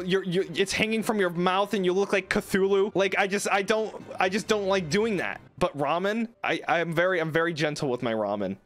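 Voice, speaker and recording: Rambling, ranting young man streamer. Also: sits high. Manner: rambling, animated comic ranting. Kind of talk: casual stream chat.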